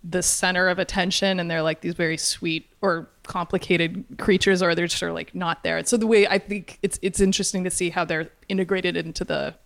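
A woman's voice: on the low side, fairly even intonation, vocal fry. A woman interviewing a film director, asking questions in a chatty way with frequent fillers. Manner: chatty, quick to laugh, many fillers.

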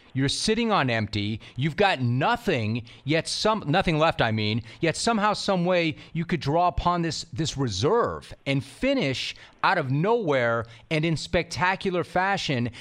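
A man hosting a sports interview, asking questions in emphatic, animated bursts. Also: medium pitch. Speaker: sports talk host.

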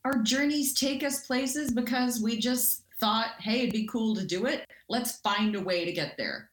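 A Canadian woman, a guest in a casual interview, telling stories in an animated way and acting out quotes. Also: a little high, unhurried, echoey room. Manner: animated, acts out quotes in lively voices.

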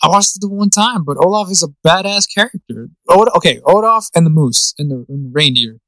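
A man's voice: high voice, lively intonation, a little fast, pushed and bright, no echo, poor audio. A man co-hosting a podcast, laid-back and swearing casually in chat. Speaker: podcast co-host.

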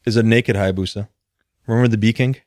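A man's voice: on the low side, fairly even intonation, fast talker, darkish tone, dry recording, studio quality. A man co-hosting a casual talk show who jokes and laughs often. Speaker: podcast co-host. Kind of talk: casual motorcycle chat.

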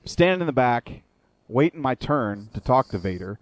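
A man's voice: mid-range voice, sing-song, normal speed, no room sound. A man hosting a wrestling radio show, ranting with lots of swearing in a casual chat. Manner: profane, ranting storyteller.

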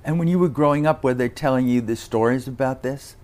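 A man hosting a podcast interview, asking questions in a relaxed, conversational way. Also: mid-range voice, fairly quick. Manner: conversational, asks questions in a chatty way. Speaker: podcast host and film critic.

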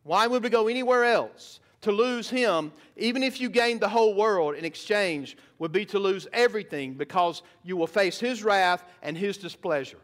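A man's voice: sits high, lively intonation, normal speed, hardly any pauses, fairly bright tone. A man preaching a sermon in church, emphatic, asking the congregation rhetorical questions. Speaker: pastor. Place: church sanctuary.

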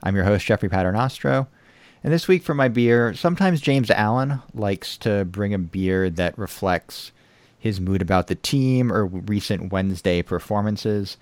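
American guy hosting a podcast, low-ish voice, dry sound, deadpan jokes. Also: normal speed, no echo. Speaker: podcast host. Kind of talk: casual podcast chat.

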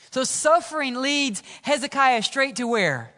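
Man, pastor, sermon, high bright voice, long church hall reverb. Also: lively intonation, normal speed, few pauses. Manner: dynamic preaching, swinging from loud to hushed. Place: church sanctuary.

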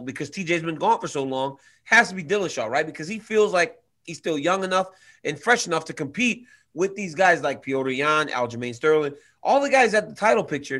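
A man's voice: a little high, pushed and bright. A man co-hosting a casual sports chat, emphatic in his opinions and playfully mocking himself and his co-host.

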